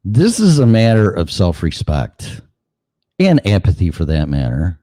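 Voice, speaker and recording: A man's voice: low voice, huge pitch swings, measured pace, dark tone, dry recording. A man hosting a show, delivering a sarcastic, profane ranting monologue full of mocking asides. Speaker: show host.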